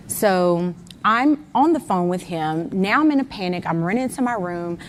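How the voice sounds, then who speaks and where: A woman's voice: mid-range voice, expressive, a little slow, in a large hall, a little hiss or hum. A mother recounting step by step, with exact times, what happened the day her son went missing. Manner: detailed, step-by-step retelling with times. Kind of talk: recounting events in an interview.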